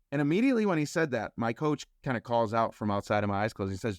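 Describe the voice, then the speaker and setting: A man telling a personal story as a podcast guest, acting out the quoted dialogue with lively shifts in voice. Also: mid-range voice, rapid-fire, no echo, studio quality. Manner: animated storyteller who acts out quoted dialogue.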